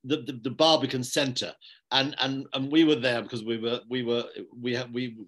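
An older man, a theatre director speaking in an online interview, telling stories in a measured, anecdotal way with frequent restarts. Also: medium pitch, fairly even intonation, a bit bright. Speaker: theatre and film director, guest. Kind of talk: reflective interview conversation. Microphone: online video call.

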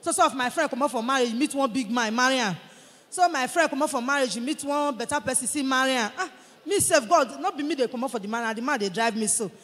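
A woman in her forties with a Nigerian Pidgin English accent gives her testimony in church. She tells her story with lively energy and acts out the voices of the people in it. Her voice carries a long reverb from the church hall. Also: high-pitched, fast talker. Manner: animated storytelling, acting out what others said. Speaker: church member giving a testimony.

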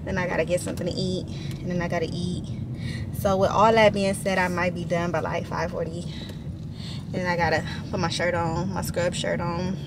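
A young woman talking to her vlog camera while driving, out of breath and chatty, rambling on. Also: fairly low pitch. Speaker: vlogger. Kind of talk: casual vlog chat. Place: in a car, driving. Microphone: phone or camera on a window tripod. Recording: car with road noise. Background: road and vehicle noise.

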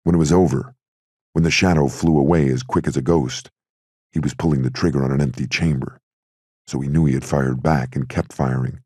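A man giving steady, gritty scripted narration of an audiobook. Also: very deep voice, a little fast, husky, no echo, studio quality.

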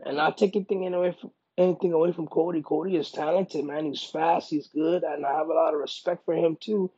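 A man, a professional fighter, speaking in a casual interview, emphatic and animated, often repeating himself for emphasis. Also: on the high side, fairly quick, breathy edge, dull audio. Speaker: MMA fighter.

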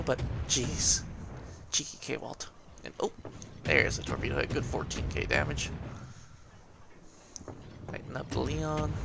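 A man giving casual, excitable gameplay commentary, laughing often and swearing cheekily. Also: medium pitch, vocal fry, background noise.

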